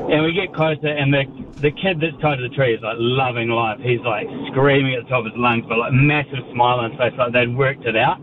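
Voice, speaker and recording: A man calls in to a radio show and tells a long, animated story, acting out every quote. His voice comes down a dull, muffled phone line. Steady hiss sits underneath it. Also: mid-range voice, a little fast. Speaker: caller.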